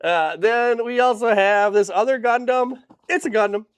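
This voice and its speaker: A very high-pitched man with a clear, resonant tone speaks at a moderate pace, recorded dry on a camera mic aimed at a monitor. Livestreaming from his small hobby shop, he runs through new products with upbeat hype and silly jokes on the side.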